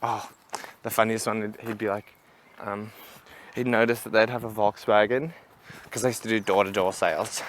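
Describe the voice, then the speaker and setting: A man's voice: lowish voice, fairly even intonation, moderate pace, slight background noise. A young man chatting casually while walking outdoors, rambling and laughing at his own stories. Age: young adult. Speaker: vlogger. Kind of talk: casual walk-and-talk vlog.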